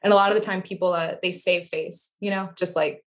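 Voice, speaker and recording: A woman's voice: lowish voice, fairly even intonation, fairly quick. A woman, a guest on a casual podcast, speaking thoughtfully with frequent ums. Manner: thoughtful, hesitant with many ums.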